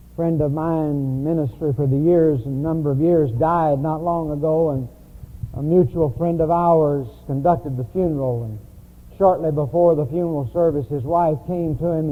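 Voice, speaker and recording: A man preaching a sermon in a church, telling stories in a conversational way. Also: on the high side. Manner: storytelling, conversational. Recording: tinny lo-fi phone-like recording.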